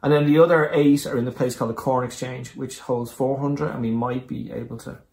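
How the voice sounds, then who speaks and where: A man from Ireland, a comedian guest telling anecdotes in casual chat, animated and swearing freely. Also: mid-range voice, fairly quick, vocal fry. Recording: echoey room.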